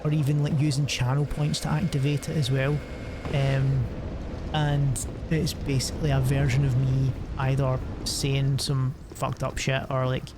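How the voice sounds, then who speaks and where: A man's voice: medium pitch, noisy background. A young man, chatting casually and rambling while he streams a game, swearing often and restarting his sentences. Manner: rambling and profane, many fillers and restarts. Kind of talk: casual chat while gaming.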